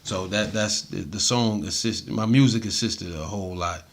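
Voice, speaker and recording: A man with a deep voice, a music artist telling stories in a casual interview, laid-back and full of slang and fillers. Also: normal speed. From USA. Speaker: interview guest, reggae and hip-hop artist.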